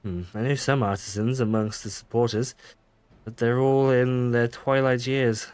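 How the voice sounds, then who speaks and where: A man's voice: medium pitch, little pitch movement, moderate pace, darkish tone, clear, resonant tone, no room sound. A man streaming a game, reading the dialogue aloud with frequent stumbles, self-corrections and laughs. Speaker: gaming streamer.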